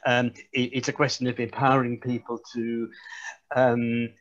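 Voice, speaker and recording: A man speaking on a webinar panel over a video call, halting, with many false starts and repeated words. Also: medium pitch, level tone, fairly bright tone, lo-fi sound.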